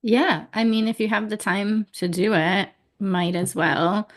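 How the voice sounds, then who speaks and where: A woman's voice: medium pitch, a little slow. A woman life coach talking in an easygoing, conversational way, with frequent "like"s. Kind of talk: casual chat.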